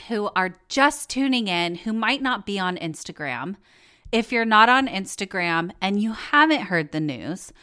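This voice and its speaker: A woman hosting a casual podcast, her voice hoarse and cracking in and out, chatty and joking, with free swearing. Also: mid-range voice, fairly bright tone. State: hoarse, voice going in and out. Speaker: podcast host.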